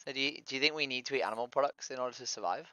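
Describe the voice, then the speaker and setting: Over voice chat, a man doing vegan activism on his stream fires off probing questions and keeps coming back to the same opener, much like street outreach. His medium-pitched voice is racing, bright, forceful and smooth, and the lo-fi stream audio is dry.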